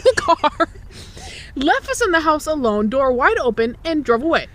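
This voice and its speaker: Lively young woman telling stories. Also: sits high, normal speed, a little hiss or hum. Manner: laughs often, swears freely. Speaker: podcast host. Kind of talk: casual chat, storytelling.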